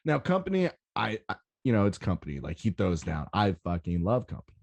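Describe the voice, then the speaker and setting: A young man hosting a rave podcast, talking in an excitable, rambling way and swearing often. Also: fairly low pitch, brisk, gravelly. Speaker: podcast host. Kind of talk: casual solo podcast recap.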